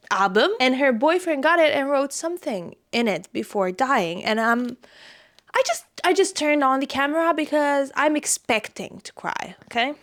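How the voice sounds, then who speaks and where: Emotional high-voiced young woman reviewing a book. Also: fairly bright tone. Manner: emotional, tearful, exclaiming. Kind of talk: casual reading vlog, reading passages aloud.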